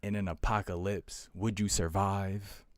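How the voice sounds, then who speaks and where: A man's voice: low voice, flat delivery, measured pace, no echo. A young man hosting a livestream, chatting casually with viewers and repeating himself in a laid-back way. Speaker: livestream host.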